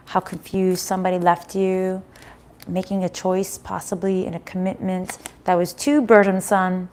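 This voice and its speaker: A middle-aged woman giving a casual live-stream tarot reading from home, chatty, swearing now and then and laughing often. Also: mid-range voice.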